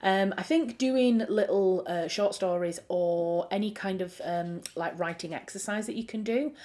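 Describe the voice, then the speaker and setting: A woman's voice: mid-range voice, normal speed, warm tone. A woman with a Yorkshire accent talks casually to her livestream viewers from home. Her voice sits in the middle of the usual range, and she rambles in a loose, chatty way. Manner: chatty, self-described chaotic, answers chat messages. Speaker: writer hosting a writing livestream.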